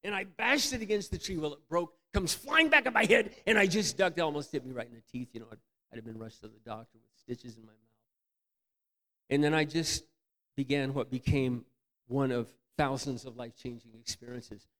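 A man preaching a candid, self-mocking storytelling sermon, swinging from loud outbursts to near-whispers. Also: on the high side, a little fast. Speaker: pastor.

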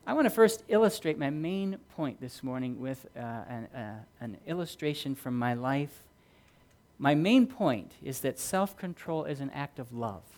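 A middle-aged male pastor delivers an earnest, story-driven sermon at a measured pace, animated as he shifts between loud emphasis and quiet, low-key stretches.

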